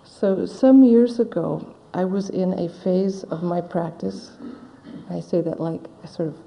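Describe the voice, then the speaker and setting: Meditation teacher, woman, middle-aged; slow, soft-spoken storyteller, recorded in a reverberant hall. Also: fairly low pitch, creaky, a little hiss or hum. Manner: slow, gentle, reflective storytelling. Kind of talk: dharma talk. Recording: dull audio in a large hall with long reverb.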